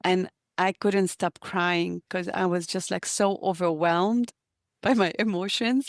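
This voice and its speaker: A woman's voice: medium pitch, steady tone, slow pace, no room sound, studio quality. A woman guest, an author, telling personal stories in an earnest, heartfelt way during an interview. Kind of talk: reflective interview conversation.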